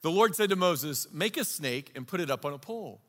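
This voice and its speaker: Male pastor, slightly high voice, earnest conversational sermon, long hall reverb. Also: expressive, brisk, a bit bright.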